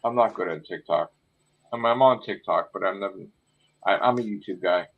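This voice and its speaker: A man's voice: low voice, normal speed. A man chatting casually late at night, rambling and swearing freely. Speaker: channel host. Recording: muffled phone audio.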